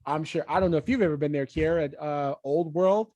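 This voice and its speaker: A laid-back man co-hosts a casual podcast and rambles easily through local tips. His voice sits a little higher than most men's, and it sounds dry and close to the mic. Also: fairly quick, mellow, no room sound. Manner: easygoing and rambling, with many "uh" and "you know". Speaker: podcast co-host, mortgage broker.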